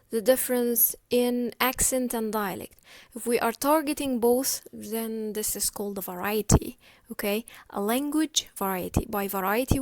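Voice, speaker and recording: Woman lecturer, fairly high voice, keeps checking understanding with "okay?", close and dry. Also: no echo. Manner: checks in often with "okay?" and "right?". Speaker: teacher. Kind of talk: explanatory lecture.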